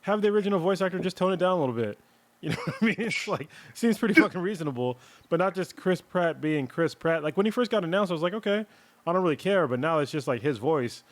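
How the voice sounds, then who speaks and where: A man's voice: high voice, animated, fast talker, dry recording. A man co-hosting a casual podcast chat, agreeable and laughing easily as he gives his take. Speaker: podcast co-host.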